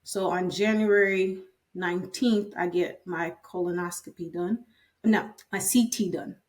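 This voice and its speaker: Low-voiced woman in her fifties, candid. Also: fairly even intonation, a little slow, a little mellow. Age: 50s. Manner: candid, retells scenes by quoting others. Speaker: patient sharing her story. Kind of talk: personal storytelling interview. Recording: voice from a distance.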